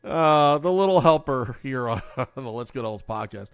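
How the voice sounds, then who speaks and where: A man's voice: mid-range voice, expressive, normal speed, creaky, hardly any pauses, smooth, no echo, studio quality. A man hosting a live hockey podcast, upbeat and hyping positivity while reading viewer comments aloud. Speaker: podcast host.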